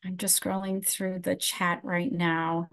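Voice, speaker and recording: A woman's voice: fairly low pitch, level tone, slow pace, gravelly, a bit bright. A middle-aged woman presenting a live webinar, answering audience questions from the chat in a conversational way.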